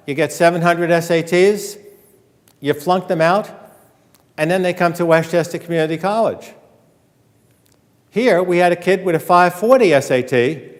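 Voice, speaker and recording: A man giving an animated storytelling lecture as an author, joking with and quizzing his audience in a college hall. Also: high voice. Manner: animated, acts out quoted dialogue, jokes with audience. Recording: long hall reverb.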